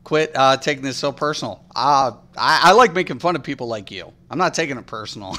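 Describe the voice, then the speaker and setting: A male game streamer holds forth to his chat in a blunt, swear-heavy rant. His voice sits a bit high and has a bright, forceful edge. He sounds casual and combative as he talks. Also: very animated, brisk, few pauses. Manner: blunt, profane, ranting.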